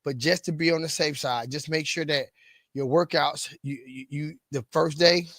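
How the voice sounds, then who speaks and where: A middle-aged fitness coach talks casually to the camera, often repeating words and restarting lines. His fairly high voice is a bit bright, with fairly even intonation and normal speed. The camera mic gives clean studio sound with no room noise.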